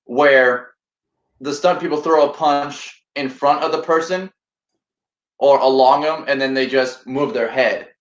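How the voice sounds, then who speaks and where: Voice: medium pitch, fairly even intonation, measured pace. Roomy, lo-fi livestream host. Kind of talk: casual livestream chat. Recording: roomy, dull lo-fi sound.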